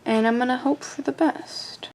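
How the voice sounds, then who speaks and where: A woman with a somewhat high voice and a gravelly edge narrates a hands-on kit build in a casual way. She jokes at her own expense, laughs easily, and often slips into a soft whisper while she concentrates. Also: fairly even intonation, moderate pace, noisy background. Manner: playful and self-joking, often laughing. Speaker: amateur radio hobbyist building a kit.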